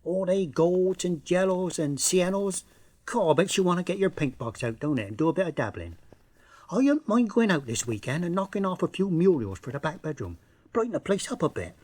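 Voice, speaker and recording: A man's voice: high voice, big pitch swings, a little fast, darkish tone, no echo. A man voicing a pompous older man with a West Country accent, grandiose and flowery in his talk. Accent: West Country English.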